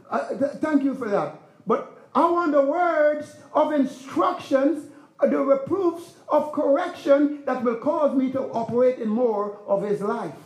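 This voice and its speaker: Pastor, male, very high voice, chatty preaching with asides to the congregation, church echo. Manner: conversational preaching with laughs and rhetorical questions. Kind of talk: sermon.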